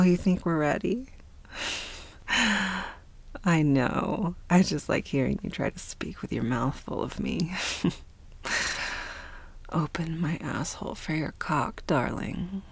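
A woman in a whispered role-play, speaking in a slow, breathy, teasing and commanding way. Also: low voice. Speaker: audio role-play performer.

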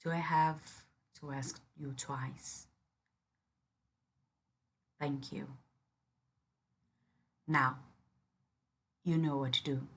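Slow, husky low-voiced woman. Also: steady tone. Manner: firm, commanding yet caring. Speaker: dominant partner in a role-play. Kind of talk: audio role-play addressing the listener.

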